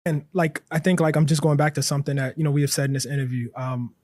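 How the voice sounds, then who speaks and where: A male author with a high voice gives a passionate interview answer in deliberate, building sentences. The recording is dry, with no room sound. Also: fairly even intonation, darkish tone, dry recording. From northern United States city.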